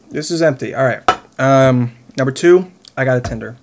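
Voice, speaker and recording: A man's voice: medium pitch, moderate pace. A young man around twenty, a little tipsy, chatting and rambling to the camera while eating, laughing often. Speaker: vlogger. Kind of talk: casual chat to camera.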